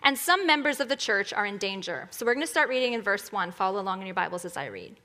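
A woman giving an earnest, expressive sermon with storytelling at a church evening. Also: mid-range voice, quick pace, few pauses. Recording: long hall reverb.

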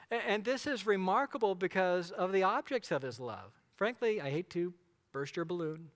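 A man's voice: sits high, a bit bright. Man preaching in a reverberant hall. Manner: emphatic, conversational preaching with rhetorical questions. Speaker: pastor. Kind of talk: sermon.

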